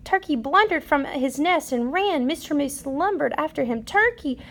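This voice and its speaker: A woman reading a children's picture book aloud in a steady, measured way. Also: high voice. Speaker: storyteller.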